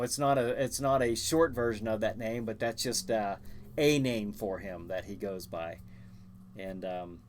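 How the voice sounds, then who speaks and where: A man hosting a live stream, chatting casually and answering viewer comments, with many restarts and fillers. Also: medium pitch. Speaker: host.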